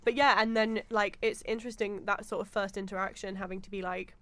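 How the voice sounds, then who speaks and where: A young woman chatting as a podcast guest, telling lively stories full of fillers and acted-out quotes. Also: mid-range voice, fairly quick, a crowd in the background. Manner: animated storyteller, acts out quotes with many fillers. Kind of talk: casual chat.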